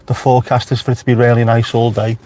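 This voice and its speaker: Fast and monotone at a medium pitch, with a slightly mellow quality, a man from Merseyside, England, streams live from his car. He has a Liverpool accent and chats casually, making wry remarks to viewers and replying to the live chat.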